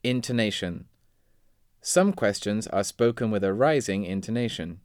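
A man reading vocabulary words and example sentences in a measured, deliberate way. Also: on the low side, lively intonation, a little mellow, no echo, clean studio sound. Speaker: vocabulary reader.

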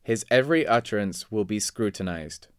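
A man reading vocabulary words and example sentences in a measured, deliberate way. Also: on the low side, expressive, smooth, no echo, studio quality. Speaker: vocabulary reader.

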